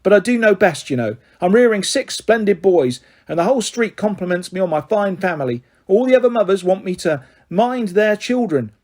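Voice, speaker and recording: A man's voice: high voice, animated, fairly quick, hardly any pauses, darkish tone, voice pushed up. A man voicing a stern, fussing motherly woman who runs a big household. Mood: proud.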